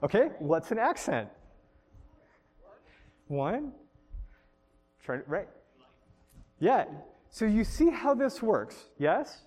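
A man's voice: sits high, big pitch swings, slow, a little mellow. A man teaching a group in a workshop, upbeat and coaching, laughing often as he talks to the participants. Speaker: workshop instructor. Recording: long hall reverb.

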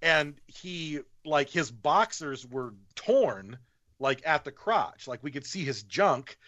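A man's voice: fairly high pitch, takes it slowly, no room sound. Man telling a story, dry, slightly muffled. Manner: animated, profane, acts out other people's lines. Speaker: podcast guest. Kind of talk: casual storytelling chat. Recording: slightly muffled podcast audio.

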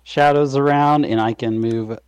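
A man's voice: medium pitch, fairly even intonation, moderate pace, darkish tone, smooth, dry recording. A man playing a tabletop role-playing game, speaking in a matter-of-fact way. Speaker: player. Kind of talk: tabletop role-play chat.

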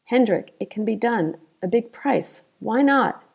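A woman voicing a young woman who urges with calm confidence while hiding fear. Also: fairly high pitch, unhurried, gravelly, husky, heavily acted. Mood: urging. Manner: urgent, coaxing.

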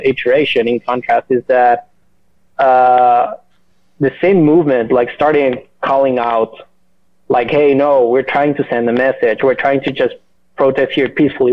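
A man in casual chat, halting and full of fillers and restarts. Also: medium pitch. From Mexico. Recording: muffled lo-fi audio.

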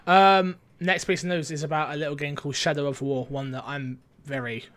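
A man's voice: fairly high pitch, steady tone, a little fast, a bit bright. A young man co-hosting a casual gaming news chat, reading out stories with frequent stumbles and a playful, rambling manner.

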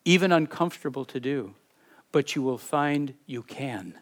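A man preaching a sermon as a pastor, earnest and heartfelt, often repeating words as he searches for them and dropping from emphatic to hushed. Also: medium pitch, expressive, moderate pace.

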